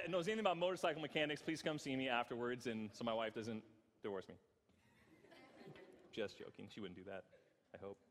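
A man's voice: mid-range voice, fairly bright tone. A male pastor giving an earnest, self-deprecating sermon, often stumbling over repeated words. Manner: earnest, self-deprecating, frequent stammered restarts. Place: church hall. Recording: reverberant church hall.

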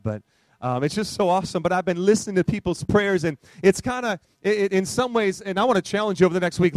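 High-voiced man preaching a lively sermon. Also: dry recording. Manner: animated, conversational, frequent rhetorical questions. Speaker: pastor.

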